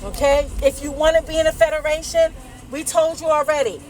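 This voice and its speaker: A woman's voice: sits high, fairly even intonation, a little fast, darkish tone, poor audio. A woman delivery driver ranting to her phone camera from inside a car, heated and profane, tagging "okay?" onto her points. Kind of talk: casual rant to camera.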